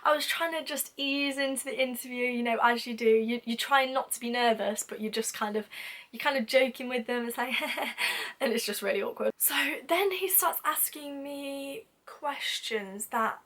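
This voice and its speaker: Young British woman, higher voice; chatty, self-mocking storyteller for a vlog. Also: normal speed, fairly bright tone. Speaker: vlogger.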